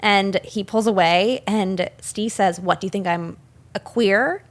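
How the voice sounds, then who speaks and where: A young woman co-hosting a casual film podcast, talking at an ordinary pitch. She retells movie scenes in a chatty, animated way, full of fillers and quick asides. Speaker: podcast co-host.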